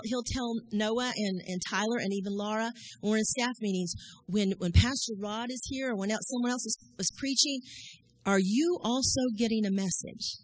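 Animated woman preaching, breathy voice. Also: fairly high pitch, no room sound, low-quality recording. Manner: animated, conversational preaching with frequent questions to the congregation. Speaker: church leader addressing congregation. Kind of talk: sermon.

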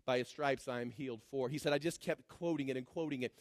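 A man preaching a sermon as pastor, swinging from shouted declarations to low, mocking asides. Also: fast, dry recording, clean studio sound. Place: church.

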